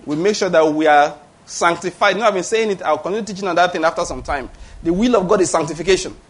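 A Nigerian pastor in his fifties preaches with emphasis. His voice sits a little high for a man, and he repeats his key points and keeps asking the congregation whether they follow. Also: quick pace, a bit bright. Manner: emphatic, repeats key phrases, asks the congregation "All right?". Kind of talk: sermon.

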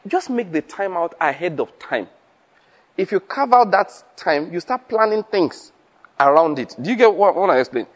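A man's voice: sits high, expressive, normal speed. A man preaching, chuckling and asking rhetorical questions. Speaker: pastor. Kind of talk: teaching sermon.

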